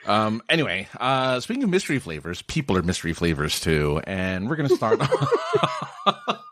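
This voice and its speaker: A man's voice: on the low side, huge pitch swings, normal speed, a bit bright, slight background noise. A man co-hosting a relationship podcast, in a rambling, jokey casual chat full of restarts. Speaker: podcast co-host.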